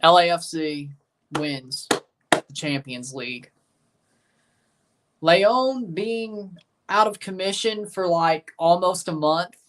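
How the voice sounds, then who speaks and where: A man's voice: high-pitched, expressive, takes it slowly, pauses often, fairly bright tone. A man hosting a livestream watchalong, chatting casually, reading viewers' comments aloud and reacting to a soccer match with sarcastic asides.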